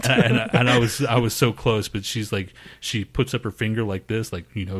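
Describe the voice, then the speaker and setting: A man's voice: steady tone, moderate pace. A man co-hosting a podcast, telling a profane, laughing story and mimicking people. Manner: profane, laughing, mimics others in high voices. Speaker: podcast co-host. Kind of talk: casual storytelling chat.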